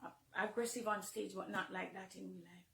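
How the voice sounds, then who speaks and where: A woman with a Jamaican accent, a minister speaking emotionally to her followers, swinging between hushed confiding and loud, heated outbursts. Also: medium pitch, fairly even intonation, normal speed, gravelly, roomy sound, background noise. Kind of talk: emotional personal address to followers.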